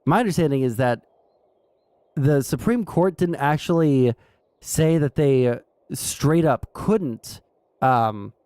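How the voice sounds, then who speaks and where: A man's voice: medium pitch, animated, slow pace, darkish tone, no room sound. A man streaming casual political commentary, rambling with fillers and wry asides.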